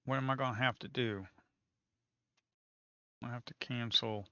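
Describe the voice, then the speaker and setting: Bright-voiced man ranting over live trades. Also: mid-range voice, fairly even intonation, measured pace, no echo, dull audio. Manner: casual, swears, talks to viewers as folks. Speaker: day trader streaming live. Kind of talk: live trading commentary.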